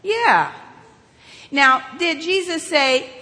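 Lady preaching, high bright voice, real slow storytelling, big echoey church sound. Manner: animated, dramatic retelling with rhetorical questions. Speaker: children's sermon leader. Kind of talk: storytelling sermon with questions to listeners. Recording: reverberant hall.

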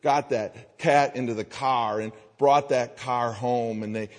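A man's voice: medium pitch, fairly even intonation. Man preaching in a reverberant church. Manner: storytelling, acts out voices, slows and softens on key phrases. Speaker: pastor. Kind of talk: sermon. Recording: long hall reverb.

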